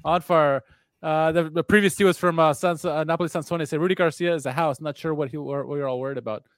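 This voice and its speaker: A man's voice: fairly high pitch, fairly even intonation, quick pace, no room sound. A man co-hosting a casual soccer podcast who laughs often and cracks jokes between filler words. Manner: chuckling, jokey, filler-heavy. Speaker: podcast co-host. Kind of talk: casual sports podcast chat.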